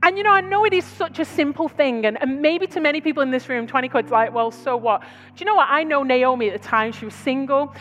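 A British woman preaching to her church, telling stories in a chatty, conversational way with quick asides. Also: high voice, fairly bright tone, long reverb tail, slight background noise. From Britain. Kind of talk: sermon. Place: large church hall.

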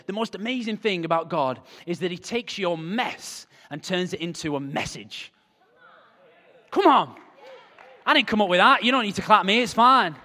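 High-voiced preacher in a big hall. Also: male voice. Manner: animated, swings from quiet asides to loud emphatic calls. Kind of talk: sermon. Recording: hall reverb.

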